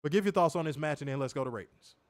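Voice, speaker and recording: A man's voice: a little high, very fast, dry recording. Blunt, profane male podcast host. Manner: blunt, profane, reads chat comments aloud. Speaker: co-host of a wrestling review show. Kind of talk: casual chat.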